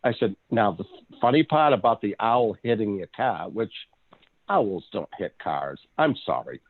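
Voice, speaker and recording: A man's voice: lowish voice, very animated, normal speed, phone-quality sound. A man in casual chat who tells stories with a lot of energy, laughs often and acts out voices as he goes. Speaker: co-host.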